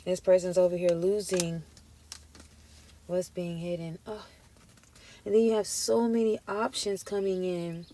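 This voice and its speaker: A woman's voice: fairly low pitch, level tone, unhurried, pauses often, dark tone, a little hiss or hum. A woman giving a casual tarot reading to her viewers, emotional and emphatic, full of slang and direct address. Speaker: tarot reader.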